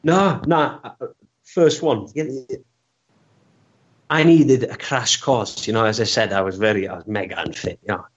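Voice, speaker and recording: Male guest, low-pitched, loose self-deprecating storyteller with stumbling restarts; muffled recording. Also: moderate pace. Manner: rambling, self-deprecating, stammers and restarts often. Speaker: interview guest. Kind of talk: casual storytelling interview. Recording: dull lo-fi recording.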